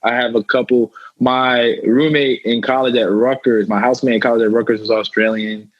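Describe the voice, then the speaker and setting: A young American football player and rapper chats casually as a guest in an interview, relaxed and laughing, with many fillers like "you know." His mid-range voice is a little fast, with no echo and the highs cut off.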